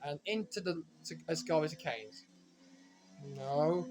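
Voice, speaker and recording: A man giving rambling, self-correcting commentary while playing a racing game, now and then breaking into frustrated shouts. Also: on the high side, animated, slow, faint music behind. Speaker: gaming commentator. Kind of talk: casual let's-play commentary.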